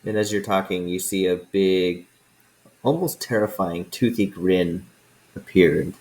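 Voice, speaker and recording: A man narrating calmly and descriptively as game master of a tabletop game. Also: low-pitched, measured pace, rough recording.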